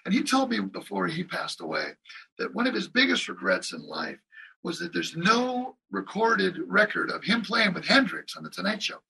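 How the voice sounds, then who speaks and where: A man with a high, very husky voice tells animated stories, swooping all over his range. He acts out other people's lines and sings drum beats as he goes. He sounds set back from the mic. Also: normal speed, far from the mic, low-quality recording. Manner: lively anecdotes with voiced impressions and drum sounds. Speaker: guest drummer. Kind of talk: animated storytelling in an interview.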